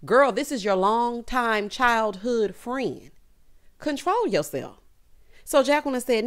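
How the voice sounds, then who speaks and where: A woman giving a casual, sassy recap of a reality show, with animated asides to the viewer. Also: a little high, slow pace.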